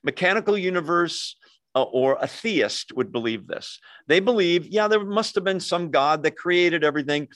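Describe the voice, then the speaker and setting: Man, sermon, conversational, animated storytelling, dry sound. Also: a little high, no echo. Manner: conversational, animated storytelling with quick asides to the congregation. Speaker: pastor.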